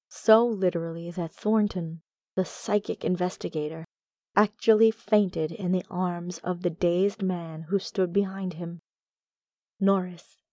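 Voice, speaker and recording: Mellow low-voiced woman reading horror. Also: dry recording. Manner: measured, deliberate reading. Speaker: audiobook narrator. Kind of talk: scripted narration of a gothic horror tale.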